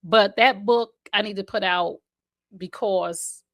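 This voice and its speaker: A mother and autism advocate with a New Jersey accent tells stories in a casual interview, an animated storyteller who acts out what people said. Her voice is mid-range and her pace slow.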